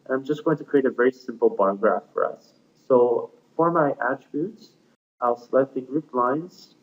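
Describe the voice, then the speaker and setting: A man walks through a software tutorial one step at a time in a plain, unhurried way, dropping in frequent fillers. His voice sits at an ordinary middle pitch. The audio is thin and tinny, as if it came down a phone line. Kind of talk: screencast software walkthrough.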